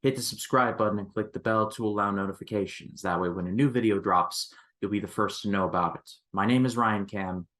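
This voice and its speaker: A man's voice: lowish voice, fairly quick, few pauses. A man talking through a movie review in a casual, chatty way, with lots of "like"s and restarts. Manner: chatty and expressive, with frequent "like"s and restarts.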